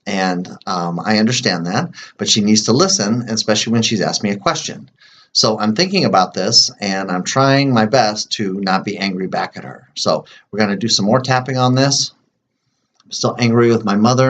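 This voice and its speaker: A man with a fairly low voice talks through a tapping routine, explaining each step slowly and plainly with frequent fillers. Now and then he drops to a soft murmur while repeating phrases. The recording sounds dull and lo-fi. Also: animated. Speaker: EFT tapping practitioner. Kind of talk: demonstrating a tapping routine to camera.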